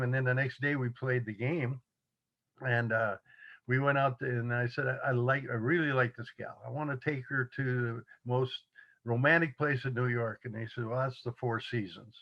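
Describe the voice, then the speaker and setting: An older man in his seventies spins a yarn with easy, chuckling energy, mimicking the people in his story. His voice sits at an average pitch. The recording sounds a little dull and muffled. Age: 70s. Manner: chuckling, animated quoting of others. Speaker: interview guest. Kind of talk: casual storytelling.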